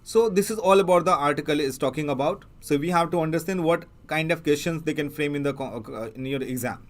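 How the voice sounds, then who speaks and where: A man with an Indian English accent teaching an exam prep lesson, explaining as he goes and pausing often with fillers and restarts. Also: a little high. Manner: halting, many fillers and restarts. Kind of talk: newspaper analysis lecture.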